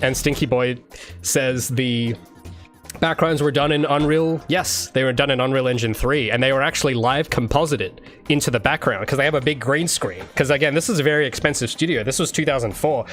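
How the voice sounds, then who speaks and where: A man's voice: mid-range voice, a bit bright. A young man streaming his game development, rambling enthusiastically in casual chat with many restarts and fillers.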